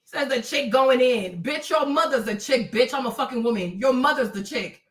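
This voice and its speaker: A woman's voice: sits high, expressive, moderate pace, reverberant, far from the mic. A woman hosting a livestream, profane and confrontational, mocking the commenters she addresses. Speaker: livestream host. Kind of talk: heated livestream rant at commenters.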